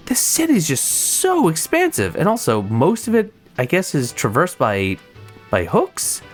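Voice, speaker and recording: A let's-play host talks through the game in a chatty, excitable way, full of asides to viewers. The pitch moves around a lot. Faint game music plays underneath. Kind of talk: gameplay commentary.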